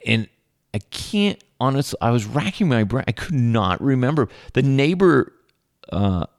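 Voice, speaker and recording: Man in his thirties, casual podcast host, low voice, lively pitch, dry close mic. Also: no echo. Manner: rambling, animated storytelling with laughs. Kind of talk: casual chat.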